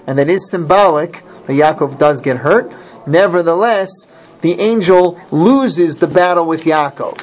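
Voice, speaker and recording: A man's voice: on the high side, measured pace. A man giving a Torah class, reading Hebrew verses and explaining each one in English, often restarting his sentences. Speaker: Torah teacher. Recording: dull lo-fi recording.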